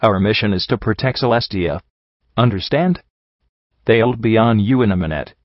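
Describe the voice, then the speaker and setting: A man doing a calm, laconic stallion sergeant. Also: fairly low pitch, no room sound, muffled recording, natural voice. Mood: steady. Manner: calm, slow-spoken, laconic drawl. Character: stoic male earth pony sergeant, calm and steadfast.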